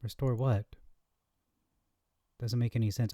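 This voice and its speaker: A man hosting a scripture comparison lesson, reading verses aloud and thinking out loud with fillers, on a close mic. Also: lowish voice, unhurried, dry recording. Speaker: Bible teacher.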